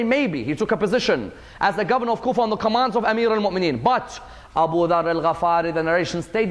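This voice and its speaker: Male lecturer with a higher voice, emphatic religious storyteller who repeats key phrases. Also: big-room sound.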